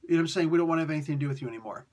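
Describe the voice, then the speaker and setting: A man's voice: on the high side, very fast, a little mellow, close to an everyday voice. A man voicing a casual male god who breezily dismisses a goddess. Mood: dismissive.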